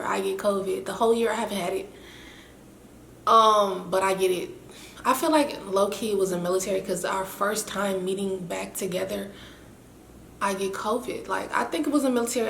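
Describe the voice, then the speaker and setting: A young woman chatting casually to her vlog audience, her voice raspy and winded, rambling and correcting herself, sometimes sinking to a whisper. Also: mid-range voice, roomy sound, slight background noise. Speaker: YouTuber.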